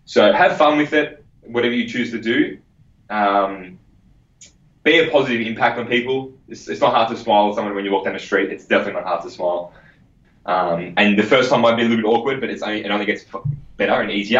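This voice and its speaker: Male guest, low voice, energetic and profane, echoey muffled recording. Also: fast. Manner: energetic, swears freely, repeats words. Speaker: podcast guest. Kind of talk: casual interview chat.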